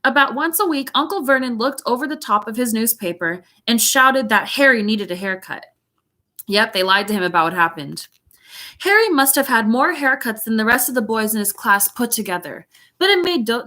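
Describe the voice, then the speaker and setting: A woman's voice: a little high, bright, forceful tone. A woman teacher reading a chapter book aloud, breaking off for chatty, giggly asides.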